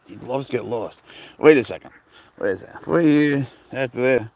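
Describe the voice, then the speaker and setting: A man's voice: medium pitch, animated, moderate pace, vocal fry, a little mellow. A man rambling casually on a live stream from an outdoor park, greeting viewers and talking to his cat through a handheld phone. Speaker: livestream host.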